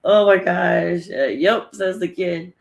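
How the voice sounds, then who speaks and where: Casual livestream host, talks to the chat off the cuff, swears freely, laughs a lot, average pitch. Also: moderate pace, a little hiss or hum. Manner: chatty, loose and swearing, laughs often.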